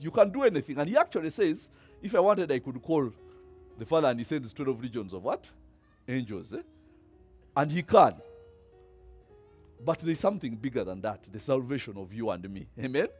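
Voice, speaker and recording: Pastor, male, animated and chatty sermon delivery, husky and slightly high voice, faint music underneath. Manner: lively, conversational preaching with rhetorical questions and laughs.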